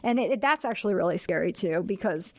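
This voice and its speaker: A woman's voice: medium pitch, fast. A woman hosting a podcast, animatedly retelling a film plot in a casual chat. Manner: animated retelling, acts out quotes. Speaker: podcast host.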